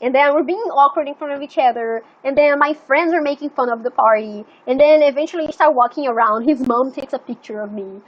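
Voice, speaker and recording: Young female streamer, high voice, chatty and rambling, swears freely, slightly muffled audio. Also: a little fast, hardly any pauses. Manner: rambling and animated, full of "like" and swearing. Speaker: live streamer. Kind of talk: casual storytelling chat.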